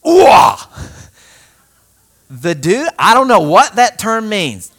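A man preaching a sermon, telling a personal story in a lively, conversational way, often laughing and speaking straight to his listeners. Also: high voice, unhurried. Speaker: pastor.

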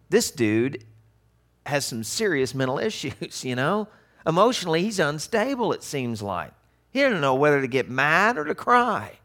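A man preaching a sermon in a conversational, animated way, asking the audience rhetorical questions. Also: medium pitch. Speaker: pastor.

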